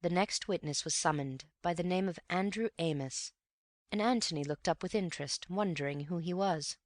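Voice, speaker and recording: A woman with a lowish voice narrates an audiobook in a studio-quality recording with no echo. Her scripted narration is delivered in an even, measured storytelling manner.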